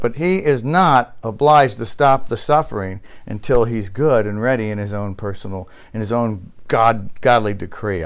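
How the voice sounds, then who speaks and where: A man preaching a sermon to his congregation, asking rhetorical questions and building to emphatic, raised passages. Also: medium pitch. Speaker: pastor.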